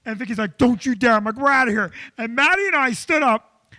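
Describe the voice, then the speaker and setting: A man co-hosting a live comedy show, telling a long church story with loud acted-out quotes. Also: very high-pitched, brisk, no room sound. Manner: animated, loud, acts out quotes. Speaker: comedian co-host. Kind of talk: comic storytelling.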